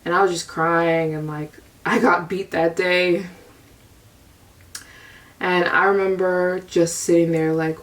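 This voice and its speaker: Flat and slow, pausing often, this young woman from the US has a voice on the low side. As a vlogger, she rambles through a confessional personal story with frequent repeats, positioned a bit away from the microphone.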